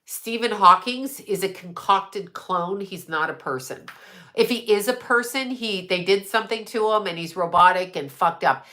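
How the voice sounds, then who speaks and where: Speaking into a desk mic, a woman hosts a casual livestream, rambling in a conspiratorial way, swearing and replying to chat as she goes. Her voice sits in the mid-range with a sharp tone, and she talks at a normal speed.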